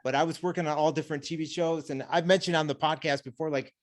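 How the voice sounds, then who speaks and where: A man hosting a podcast, telling lively anecdotes in casual chat. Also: fairly high pitch, fast talker. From United States. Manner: chatty storyteller, lively anecdotes. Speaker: podcast host.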